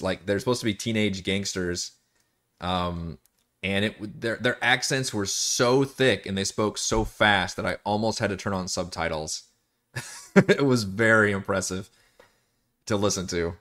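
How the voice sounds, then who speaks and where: Low-voiced man rambling through game prep. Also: a bit bright. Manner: rambling and chatty, often laughs and swears. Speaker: dungeon master. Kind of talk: casual live-streamed game prep.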